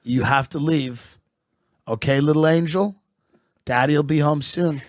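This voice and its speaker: A man's voice: a little high, measured pace, dry recording, close to an everyday voice. A man doing a crude, dismissive drunk father.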